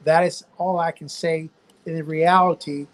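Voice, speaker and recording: A man's voice: on the high side, level tone, measured pace, rough recording. An older man with a Louisiana Southern accent, a physician guest talking folksy and preachy in a live online chat over a video call.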